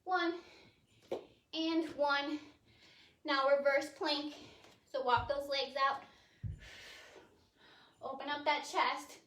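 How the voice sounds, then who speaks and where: A woman instructor leading a home pilates class, counting reps and giving steady, encouraging cues, recorded on a phone. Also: sits high, takes it slowly, long pauses, reverberant, recorded from a distance. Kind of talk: cueing a home workout class. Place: warehouse studio.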